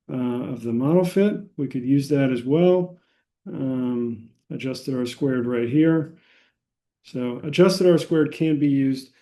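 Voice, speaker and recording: An American man teaching a statistics lecture, explaining unhurriedly with many pauses and filler words. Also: on the high side, mellow. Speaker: statistics instructor.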